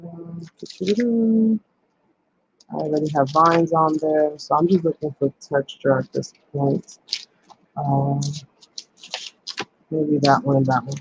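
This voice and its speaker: A man hosting a casual crafting tutorial, talking his steps through out loud with plenty of ums. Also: a little high, steady tone, slow pace, long pauses, muffled recording, slight background noise. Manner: chatty, thinks aloud with many ums. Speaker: crafting channel host.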